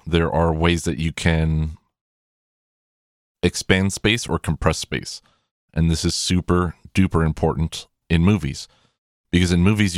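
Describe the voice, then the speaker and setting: Deep-voiced rambling man. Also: no room sound, studio quality. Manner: rambling, hesitant, with many restarts and fillers. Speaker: movie collection reviewer. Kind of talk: casual video commentary.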